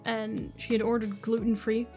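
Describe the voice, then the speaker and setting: A woman's voice: on the high side, level tone, normal speed, dark tone, faint music behind. A young woman co-hosting a podcast, telling a chatty anecdote in casual talk, with quoted apologies and asides. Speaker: podcast co-host. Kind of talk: casual chat, storytelling.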